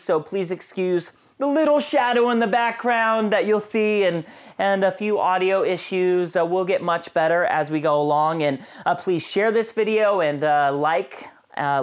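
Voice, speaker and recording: A man's voice: high voice, clear, resonant tone. A man hosting a podcast, talking in a chatty, playful way with plenty of fillers. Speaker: podcast host. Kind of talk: casual podcast conversation.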